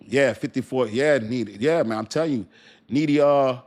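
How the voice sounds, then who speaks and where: A man's voice: mid-range voice, normal speed, darkish tone. A man hosting a casual crypto livestream, rambling in slangy talk with many fillers and speaking straight to his chat.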